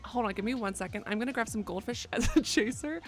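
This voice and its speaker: A woman's voice: fairly high pitch, fast, faint music behind. A young woman streaming from her bedroom, rambling, joking and swearing a lot as she chats. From United States. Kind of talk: casual live-stream chat.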